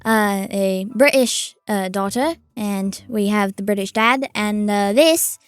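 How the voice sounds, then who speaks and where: A woman's voice: mid-range voice, slow, smooth, no echo, studio quality. A woman co-hosting a tabletop game podcast, recapping in first person with a hesitant, filler-heavy delivery. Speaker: co-host and player.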